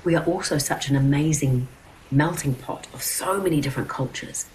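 A woman's voice: deep voice, fairly quick, a little mellow, slight background noise, low-quality recording. A middle-aged woman, an interview guest speaking earnestly, with many fillers and restarts. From New Zealand. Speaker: guest, children's TV presenter and producer. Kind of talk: interview conversation.

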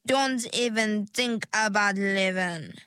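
A woman's voice: mid-range voice, bright, forceful tone, clear, resonant tone, no room sound. A woman voicing a pushy, theatrical mermaid hair stylist in a storybook, drawing her words out. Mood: stern. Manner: slow, drawn-out, grandly persuasive sales talk. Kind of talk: storybook character voice.

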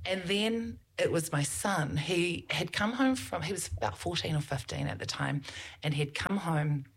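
Low husky New Zealand woman. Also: moderate pace. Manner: earnest, storytelling, advocating; uses loose fillers and restarts. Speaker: politician, podcast guest. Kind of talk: casual interview talk.

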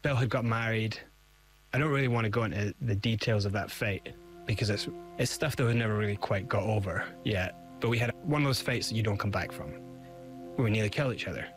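A man's voice: on the low side, fairly quick, faint music behind. A middle-aged man, a guest in an interview, telling his story with animation and acting out the voices he quotes. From Scotland.

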